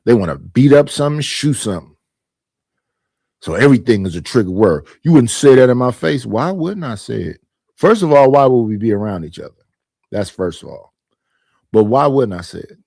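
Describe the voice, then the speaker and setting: A man's voice: medium pitch, a little mellow, no echo, studio quality. A man hosting his own stream, arguing his points emphatically and repeating them in a casual monologue. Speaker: streamer and panel host.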